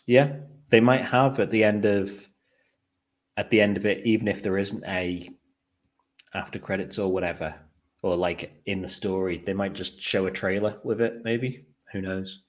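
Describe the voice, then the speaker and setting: A man's voice: sits low, fairly even intonation, moderate pace. A man co-hosting a podcast in casual chat, with dry, teasing remarks. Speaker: podcast co-host.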